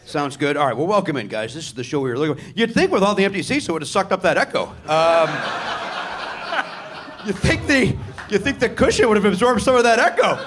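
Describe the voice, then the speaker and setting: Man, live comedy podcast host, sarcastic riffing, lively swooping pitch, slightly high voice. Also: a little fast. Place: theatre stage before a live audience.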